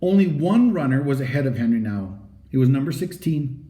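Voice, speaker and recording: A man reading a children's chapter book aloud as storybook narration, in an animated, expressive read-aloud manner. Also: medium pitch, fairly quick. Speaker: audiobook reader. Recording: roomy echo.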